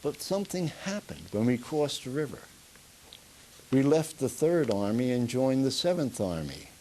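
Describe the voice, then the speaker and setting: This older man, a veteran interviewed for an oral history, chuckles through rambling stories in a Pennsylvania Dutch accent. His medium-pitched voice is warm with big pitch swings at normal speed, and the rough recording carries a little hiss or hum.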